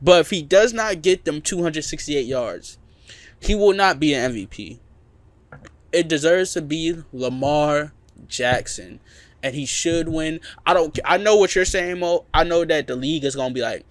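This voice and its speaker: Podcast co-host, male, slightly high pitch, insistent and repetitive in debate. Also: expressive, moderate pace, dry recording. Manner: emphatic, repeats points for emphasis. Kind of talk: casual sports debate.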